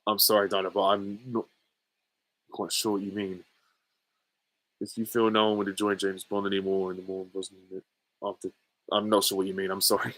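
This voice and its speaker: A man's voice: sits low, level tone, moderate pace, pauses often, a bit bright, poor audio. A man from England hosting a casual Q and A, answering viewer questions in a hesitant, rambling way full of ums and small laughs. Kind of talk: casual Q and A chat.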